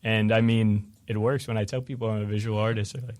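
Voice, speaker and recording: A young man as a radio guest, talking in a relaxed, self-deprecating way with many "like" fillers. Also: lowish voice, quick pace, no room sound. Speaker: guest, visual artist. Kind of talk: casual interview chat. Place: radio studio.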